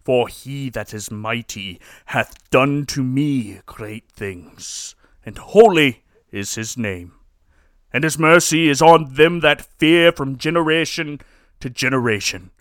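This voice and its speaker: A man voicing a solemn young woman who recites a psalm slowly and gravely in old-fashioned English. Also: medium pitch, pushed and bright, no echo, studio quality.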